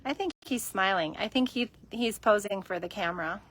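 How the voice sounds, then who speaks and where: A woman chatting casually on a livestream from a cat shelter room, cooing softly at the cats as she films on her phone. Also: medium pitch, normal speed.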